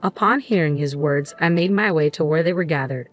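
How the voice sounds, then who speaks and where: Female narrator for a first-person story, low and measured, quiet music underneath. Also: muffled recording.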